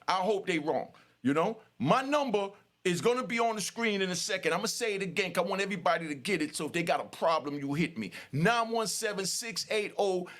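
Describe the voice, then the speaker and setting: Addressing the camera directly, an older channel host from New York is worked up, angry, and sweating. His voice is high for a man and a bit bright, and his heated, emphatic street talk keeps repeating itself amid many fillers.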